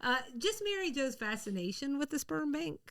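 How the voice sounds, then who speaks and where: A woman co-hosting a podcast in casual chat, chatty and quick to laugh. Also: high-pitched, big pitch swings, gravelly, a bit bright. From the American South. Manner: chatty, laughs often, rambling restarts. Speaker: podcast co-host.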